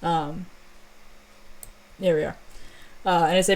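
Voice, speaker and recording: A woman's voice: fairly low pitch, fairly even intonation, slow, long pauses, a little mellow. A woman streamer and story author in casual chat, rambling and self-mocking, with casual swearing.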